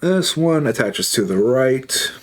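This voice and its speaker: A man's voice: medium pitch, big pitch swings, slow pace. A male streamer talking casually while he assembles models on stream. He rambles, makes jokes and stops to answer messages from his chat.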